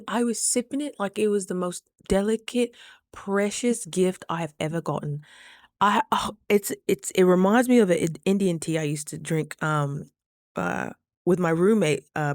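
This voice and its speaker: Chatty storytelling woman, low voice. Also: no echo, studio quality. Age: 30s. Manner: chatty, animated, acts out quotes in a higher voice. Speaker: vlogger. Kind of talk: casual storytelling. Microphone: studio mic.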